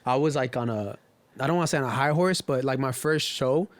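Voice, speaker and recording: A man's voice: mid-range voice, a little fast, no room sound. A man from the Inland Empire in California, a podcast guest telling stories loosely in casual chat, full of slang and swearing.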